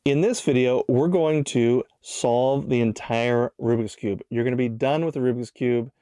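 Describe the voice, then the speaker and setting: A man's voice: medium pitch, normal speed, warm tone, clear, resonant tone, no echo, clean studio sound. A man hosting a step-by-step puzzle tutorial in a casual way, counting the moves aloud as he demonstrates them. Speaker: tutorial host.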